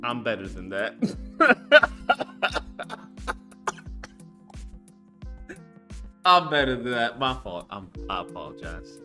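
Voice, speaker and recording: A man hosting a call-in show, talking loudly and profanely, laughing and mocking as he goes. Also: mid-range voice, sing-song, very slow, pauses often, faint music behind. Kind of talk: casual call-in commentary.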